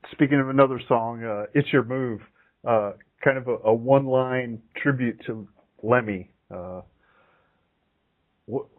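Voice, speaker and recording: A male interviewer asking casual questions with plenty of fillers. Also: mid-range voice. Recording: tinny phone line.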